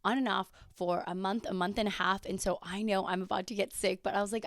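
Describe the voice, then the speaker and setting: Woman podcast host, raspy from a cold, chatty and casual, mid pitch, dry sound. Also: steady tone, quick pace, hardly any pauses, fairly bright tone, no room sound. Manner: chatty, with fillers and quoted asides. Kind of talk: casual solo podcast talk.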